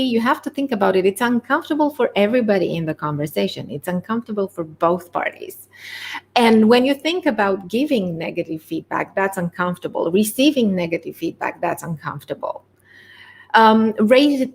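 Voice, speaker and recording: A woman coach talks through workplace leadership skills in an earnest, conversational tone. Her mid-pitched voice has a gravelly edge and a slight hoarseness. She often pauses on small fillers as she goes. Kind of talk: webinar-style coaching talk.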